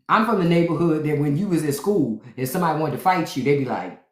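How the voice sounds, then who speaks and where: A woman with a deep voice runs a live-stream podcast full of unfiltered comedic storytelling, cursing freely and animatedly acting out others' voices. The recording has a reverberant quality.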